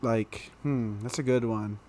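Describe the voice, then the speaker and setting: Young man, podcast guest, casual storytelling, animated, laughs as he talks. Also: medium pitch, unhurried, slight background noise. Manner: animated storyteller, laughs through the funny parts.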